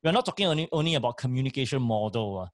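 A man's voice: medium pitch, very animated, racing, dry recording, clean studio sound. A man giving emphatic, repetitive speaking advice on a talk show, with frequent fillers. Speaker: voice and speaking coach.

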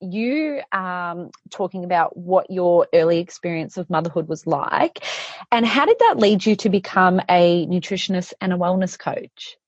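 A woman's voice: lowish voice, lively intonation, moderate pace, dry recording, highs cut off. A woman hosting a casual podcast interview, bubbly and encouraging with her guest. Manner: bubbly and encouraging, laughing often. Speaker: podcast host.

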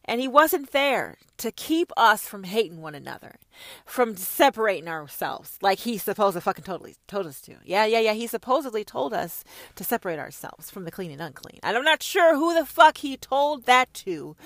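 A woman hosting a profane, confrontational monologue, preaching hard at her listeners and swinging between shouts and hushed whispers. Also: medium pitch, animated, measured pace, dry recording, studio quality. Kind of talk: ranting monologue.

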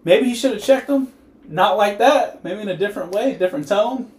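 A man's voice: high voice, expressive, a little fast, roomy sound. A man co-hosting a casual sports podcast, talking loosely and profanely and laughing often. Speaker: podcast co-host.

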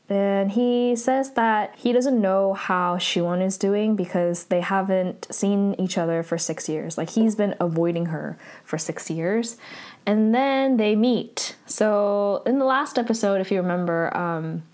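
A woman's voice: mid-range voice, darkish tone. A woman hosting a podcast, recapping an episode in a casual chat full of "like" fillers. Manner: chatty, lots of "like" fillers. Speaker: podcast host.

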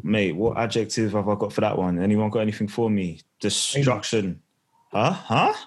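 A man's voice: lowish voice, husky. A man hosting a casual football podcast, bantering with friends and repeating his points for effect. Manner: relaxed, bantering, drawn-out repeats. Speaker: podcast host.

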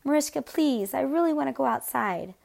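A woman's voice: mid-range voice, expressive, moderate pace, gravelly. A woman voicing a small boy who whines and begs, reading from a storybook. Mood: pleading. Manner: eager, begging. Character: little boy, whiny and pleading.

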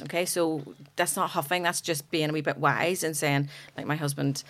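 A woman in her forties, chatting frankly on a podcast as a guest, animated and sweary. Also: low-pitched, moderate pace, few pauses. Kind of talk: casual chat.

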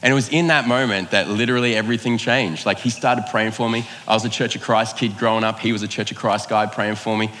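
Low-voiced male preacher, relaxed and conversational. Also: fast, few pauses, in a large hall, slight background noise. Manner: conversational, self-mocking, acts out quoted lines. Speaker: pastor. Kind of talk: sermon with personal storytelling.

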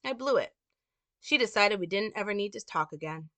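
A woman's voice: mid-range voice, animated, a little fast, bright, forceful tone, dry recording. A woman reading the lines of a sarcastic, hard-bitten male police detective from a script in a dry, mocking way. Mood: grim.

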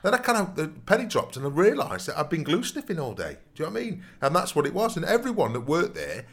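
A man's voice: a little high, huge pitch swings, quick pace, fairly bright tone. A man telling long, rambling stories in a casual podcast chat, often adding "you know what I mean". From Nottingham, England. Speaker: podcast co-host.

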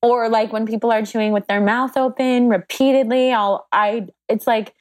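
A woman hosting a podcast in casual chat, telling stories with lively voiced reactions. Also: on the high side, normal speed. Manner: animated, storytelling with voiced reactions. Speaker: podcast host.

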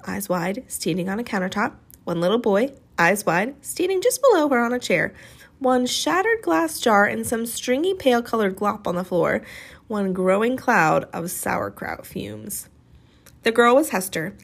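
A woman reading a novel aloud, expressive and dramatic in her storytelling. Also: mid-range voice. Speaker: audiobook reader.

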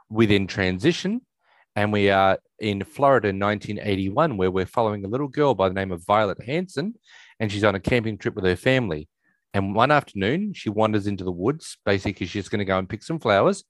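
A man's voice: lowish voice, dry recording, poor audio. Rambling man retelling a movie scene. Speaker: podcast co-host. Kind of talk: casual movie recap chat.

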